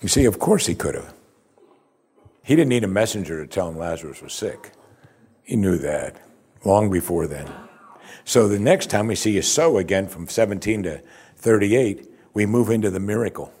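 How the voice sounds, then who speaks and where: A man's voice: lowish voice, animated, normal speed, darkish tone, slightly rough. A male pastor preaching a sermon in a conversational, expository way, with emphatic rises.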